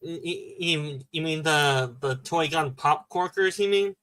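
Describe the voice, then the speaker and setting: A man co-hosting a casual livestream chat, talking haltingly with frequent restarts. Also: a little high, bright, forceful tone, dry recording. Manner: halting, stumbles and restarts words. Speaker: livestream co-host.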